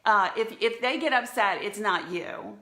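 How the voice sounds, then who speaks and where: A woman's voice: mid-range voice, unhurried, pushed and bright. A woman talking earnestly and candidly into her phone for a live video, with frequent small laughs. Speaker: church media director. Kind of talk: heartfelt live video talk. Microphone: phone camera for a live stream. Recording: echoey room.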